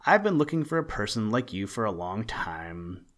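A jolly old Santa Claus with a hearty, commanding way of speaking, voiced by a man reading aloud. His voice sits somewhat low. This is a storybook reading. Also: sing-song, moderate pace, a bit bright.

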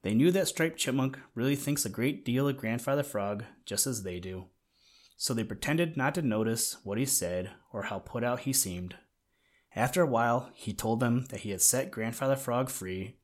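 A man gently reading a children's animal story aloud in a measured way. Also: medium pitch. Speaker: narrator.

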